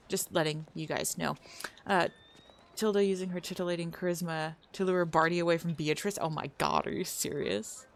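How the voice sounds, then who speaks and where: Here a young female streamer rambles through a casual chat with viewers, interrupting herself and letting sentences trail off before starting fresh. Her voice is on the low side and gravelly.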